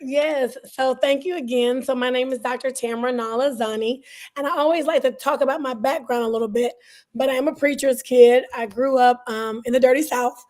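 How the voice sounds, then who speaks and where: A woman's voice: high voice, steady tone, moderate pace, a little mellow. A woman from the Southern US, a guest speaking over a video call, her voice scratchy and partly worn out. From Southern US (Alabama, Georgia). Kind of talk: interview answers.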